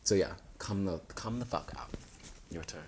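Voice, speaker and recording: Young man, low voice, flamboyant, sassy, casual chat. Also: moderate pace, slight background noise. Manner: flamboyant, animated storytelling with sassy asides. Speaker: guest, actor.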